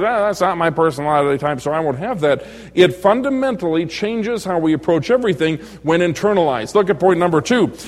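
A middle-aged male pastor giving an evening sermon lesson in a church, jovial and joking, chuckling and teasing his congregation. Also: sits high. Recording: long hall reverb.

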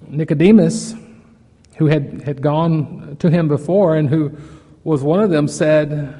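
A man preaching a sermon to his church, earnest, moving from loud emphasis to soft pleading. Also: on the high side, measured pace, long reverb tail. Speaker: pastor.

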